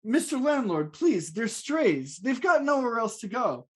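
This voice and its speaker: A man's voice: extremely high pitch, sing-song, a little slow, a bit bright, breathy edge, voice pushed up, full character voice. A man voicing a timid young man who stammers and pleads with his landlord, in a comedic script read-through. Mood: pleading.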